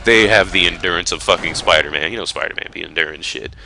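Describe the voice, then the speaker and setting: A man ranting casually about a game trailer in a vlog, animated and profane, rambling with lots of fillers. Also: deep voice, fast talker, gravelly, a little hiss or hum. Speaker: vlogger reviewing a game trailer. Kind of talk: casual rant.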